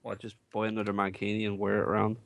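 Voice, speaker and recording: A man's voice: fairly low pitch, monotone, fast, creaky, heavy background noise. A man, talking bluntly and crudely as a podcast guest. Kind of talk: casual chat about movies.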